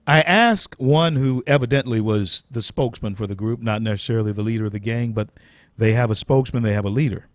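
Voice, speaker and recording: A man's voice: mid-range voice, animated, normal speed, no room sound, studio quality. A man hosting a live-stream talk show, speaking in an earnest, preacherly storytelling way with frequent restarts. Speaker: host.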